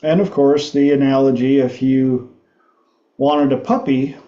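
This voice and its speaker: A man hosting a talk show, telling a story slowly and haltingly, laughing often. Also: mid-range voice, little pitch movement, roomy sound, lo-fi sound. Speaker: host.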